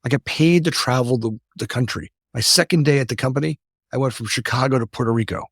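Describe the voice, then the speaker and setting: A man in his fifties tells his story as an interview guest, talking rapidly and tagging his points with "right?". His voice sits in a middle register. The sound is close and dry, with no room around it. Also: medium pitch, breathy edge, no room sound. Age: 50s. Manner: rapid, tags lines with "right?", frequent restarts. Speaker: guest, company founder.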